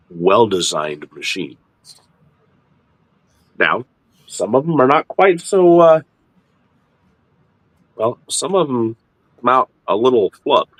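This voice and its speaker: A middle-aged man hosting a casual ministry chat, explaining in a lively, halting way with frequent restarts. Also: no room sound. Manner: animated, repeats and restarts words, jumps into high mock voices. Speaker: ministry host.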